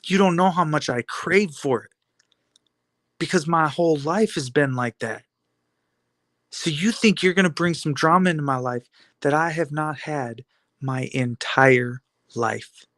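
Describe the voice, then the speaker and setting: A man's voice: a little high, a little slow, long pauses, a bit bright, dry recording. Defiant man with a raised voice. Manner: taunting, rhetorical questions, repetitive. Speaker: video blogger. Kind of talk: defiant motivational monologue.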